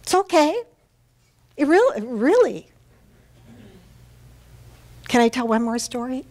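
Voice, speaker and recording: A woman minister speaking slowly and deliberately from the pulpit. Her voice sits a little high for a woman, and she tells personal stories with earnest warmth. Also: sing-song. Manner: warm, personal storytelling with heartfelt pauses. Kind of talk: sermon. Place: church sanctuary.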